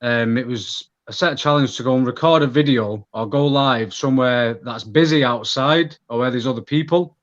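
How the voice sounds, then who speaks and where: A man's voice: mid-range voice, moderate pace, hardly any pauses. A man in his thirties with a Manchester accent, a guest talking candidly on a podcast, with lots of restarts. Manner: candid, rambling, many restarts. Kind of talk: casual podcast conversation. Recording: slightly dull lo-fi audio.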